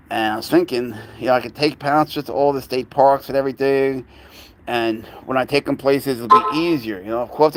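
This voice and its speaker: A man with a New York accent chatting casually on a live stream, rambling to viewers and cooing baby talk to his cats. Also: medium pitch. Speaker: pet owner livestreaming.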